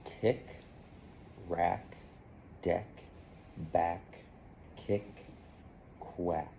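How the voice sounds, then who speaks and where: A woman student answers in a phonics lesson, sounding out words slowly and hesitantly, letter by letter. Her voice is extremely deep, with heavy vocal fry. She talks at a very slow pace, and her tone is dark. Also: fairly even intonation, slight background noise.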